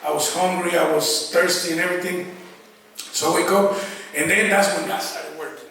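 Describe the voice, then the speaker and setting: A man's voice: sits high, steady tone, normal speed, vocal fry, fairly bright tone, a little hiss or hum. A man giving a church testimony as a guest speaker, telling his story casually and voicing his own past thoughts as quotes. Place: church sanctuary. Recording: echoey church hall, distant mic. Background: faint congregation calling out responses.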